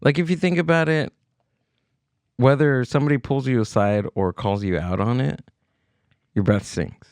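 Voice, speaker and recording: A man's voice: medium pitch, normal speed, pauses often, darkish tone, clean tone, no room sound. A man co-hosting a comedy podcast, talking in an easygoing, rambling way and laughing often. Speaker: podcast co-host. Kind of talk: casual comedic banter.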